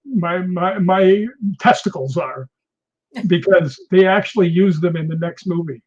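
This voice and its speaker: Lively man telling stories, dull lo-fi sound. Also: high voice, unhurried. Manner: animated storyteller, laughs often. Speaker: guest, film actor. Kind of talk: casual interview anecdotes.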